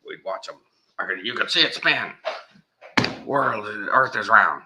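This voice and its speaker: A man's voice: fairly low pitch, animated, a little slow, very noisy, voice pushed up. A man putting on a boastful, blustering middle-aged man who spins a folksy tall tale in a swaggering manner.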